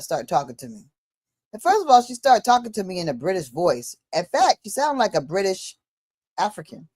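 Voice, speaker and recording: A woman in a casual discussion, telling a story in an animated way and acting out the dialogue. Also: medium pitch, no echo, clean studio sound.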